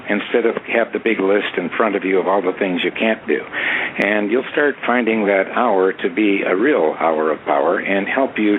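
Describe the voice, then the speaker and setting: Emphatic coaching man on a tinny line. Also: fairly low pitch. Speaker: panel guest, success speaker. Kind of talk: motivational advice in panel discussion. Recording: tinny phone-like sound with faint hiss.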